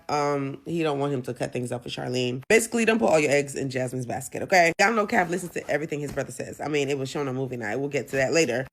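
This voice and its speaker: Sassy Southern woman recapping reality TV. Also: low-pitched. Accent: Southern American. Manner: sassy, playful, dramatic asides. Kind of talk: casual recap commentary.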